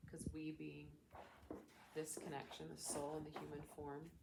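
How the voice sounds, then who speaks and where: A woman talking as a spiritual coach in a casual, gentle, reflective teaching style. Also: deep voice, completely flat delivery, unhurried, gravelly, heavy background noise. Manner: gentle, soothing, reflective, with chatty fillers.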